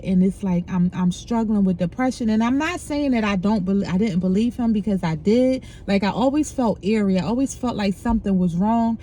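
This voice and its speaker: A woman's voice: medium pitch, normal speed, mellow, slight background noise. A middle-aged woman candidly sharing a painful personal story, frank and emotional, speaking casually with profanity.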